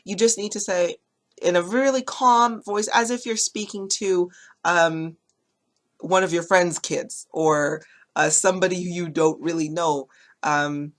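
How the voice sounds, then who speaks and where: A woman with a slightly low voice talks viewers through a casual hair care tutorial. She is chatty and gentle, full of fillers and little restarts, reassuring as she explains each step. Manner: chatty, with many fillers and self-corrections.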